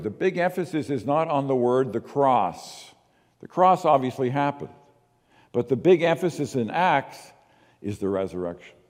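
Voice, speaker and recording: A man preaching a sermon as pastor, moving between quiet asides and emphatic, slowed readings of scripture. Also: on the high side, in a large hall.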